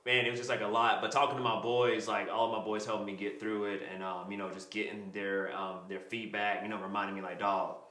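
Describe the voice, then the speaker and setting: A man's voice: fairly low pitch, flat delivery, fast talker, few pauses, bright, forceful tone. A young man casually telling the story of his proposal, laid-back and slangy, laughing often. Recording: echoey room.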